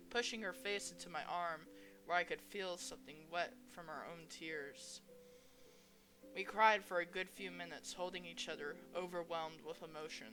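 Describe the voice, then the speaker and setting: A young woman reading a dating visual novel aloud in a casual manner, swearing freely as she plays. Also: lowish voice. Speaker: let's play host.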